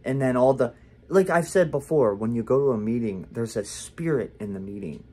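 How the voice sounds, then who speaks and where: A man's voice: mid-range voice, normal speed, a little mellow, husky. A young man talking candidly to the camera in a casual vlog, rambling with lots of fillers and restarts. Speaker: vlogger.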